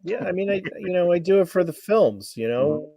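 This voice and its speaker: A man's voice: high voice, lively intonation, fairly quick, gravelly, warm tone. A male guest talking about his production in a casual group chat, easygoing and chuckling.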